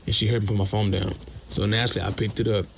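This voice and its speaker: A man's voice: lowish voice, level tone, very fast, creaky, noisy background. A young man calling in, bluntly telling a personal story in slangy speech. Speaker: caller.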